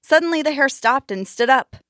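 A woman host narrating a storybook tale with expressive, measured delivery. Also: high voice, no room sound, studio quality.

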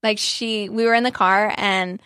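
A woman in her thirties in casual podcast chat, talkative and quick to laugh as she tells stories about her daughter. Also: mid-range voice, steady tone, pushed and bright, no room sound, studio quality. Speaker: podcast co-host.

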